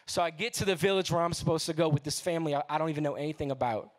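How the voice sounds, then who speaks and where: A young man tells a testimony in a lively, slangy sermon. His voice sits a little high for a man, and he speaks easily, as if talking to friends from the stage. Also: racing. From New Orleans, USA. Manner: casual, slangy, animated storytelling. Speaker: guest speaker.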